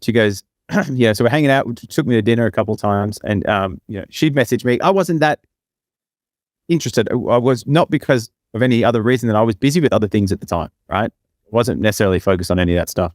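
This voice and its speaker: In clean studio audio with no room sound, a young male podcast co-host rambles through a long, casual story. He talks fast in a lowish voice, leaning heavily on fillers and tacking "right?" onto his lines.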